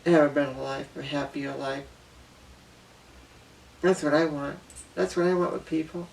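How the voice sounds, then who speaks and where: Gravelly, earnest man talking from afar. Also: fairly high pitch, steady tone, unhurried, a little mellow. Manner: earnest, emotional, repeats himself, apologetic. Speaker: vlogger. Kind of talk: personal monologue to camera. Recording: voice distant from the mic.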